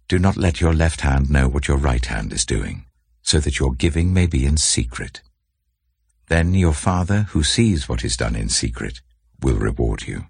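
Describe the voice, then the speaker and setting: A man with an extremely deep, gravelly voice reads scripture slowly and solemnly in a measured, grave delivery. His tone is husky and breathy, with pitch that rises and falls with feeling. The recording is dry and close, with no room sound at all.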